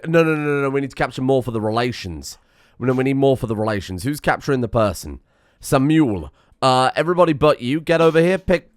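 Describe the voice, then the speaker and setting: A man giving excitable, self-mocking commentary while playing a game, thinking aloud and swearing. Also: on the high side, no echo. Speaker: gaming streamer. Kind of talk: casual gameplay commentary.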